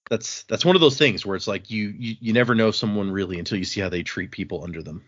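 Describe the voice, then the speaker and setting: Husky-voiced man recapping a book. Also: fairly low pitch, fast, fairly bright tone. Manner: retells scenes, acts out character quotes. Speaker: podcast host. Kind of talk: casual book-discussion chat. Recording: dull lo-fi audio.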